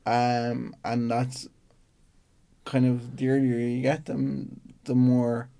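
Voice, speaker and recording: A man co-hosting a casual chat show, relaxed and self-deprecating, often trailing off into fillers. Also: medium pitch, slow pace, vocal fry. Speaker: podcast co-host.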